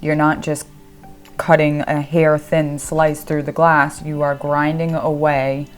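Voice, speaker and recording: Low-voiced woman demoing craft gear. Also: slow pace, clean tone. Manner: bubbly, gushing with excitement. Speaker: stained glass crafter demonstrating a tool. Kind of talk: casual tutorial vlog. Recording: echoey room with faint music.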